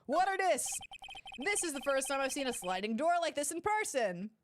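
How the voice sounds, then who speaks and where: A woman's voice: sits high, sing-song, quick pace, dry recording, clean studio sound. A woman casually commenting through a game playthrough, chatty, giggly and self-deprecating. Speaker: gaming streamer.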